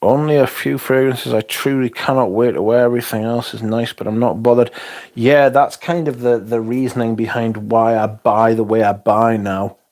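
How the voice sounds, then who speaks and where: A man's voice: mid-range voice, fairly even intonation, moderate pace, a little mellow. A man from England, chatting casually on a livestream, reading out comments with blunt, sweary, dry humour. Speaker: livestream host reviewing fragrances.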